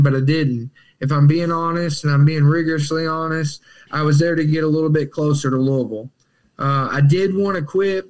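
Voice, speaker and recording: A young man, his voice pitched a bit higher than most men's. He tells his story in casual, animated conversation, acting out the quotes and laughing often. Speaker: podcast guest in recovery.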